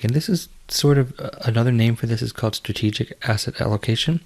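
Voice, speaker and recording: A man lecturing on finance in a measured, explanatory way, with fillers and restarts. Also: lowish voice, darkish tone. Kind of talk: recorded lecture.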